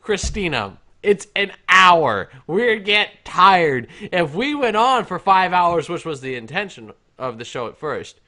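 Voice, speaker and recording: A man with a bright, high voice that jumps all over, co-hosting a casual live show. He is playful and giggly as he reads out messages. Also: sing-song, measured pace, few pauses. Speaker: show co-host. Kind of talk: casual live-stream chat.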